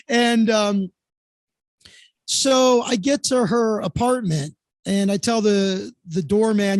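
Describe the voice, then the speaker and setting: High-voiced man telling a rambling story. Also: takes it slowly, pauses often, no room sound. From Florida. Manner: rambling, full of fillers and restarts. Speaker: guest comedian. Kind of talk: casual anecdote telling.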